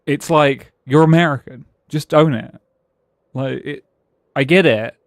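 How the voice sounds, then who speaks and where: A man's voice: fairly high pitch, a little slow, dry recording, clean studio sound. A British man streaming a game and musing aloud in casual chat, with frequent chuckles and restarted sentences. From Britain.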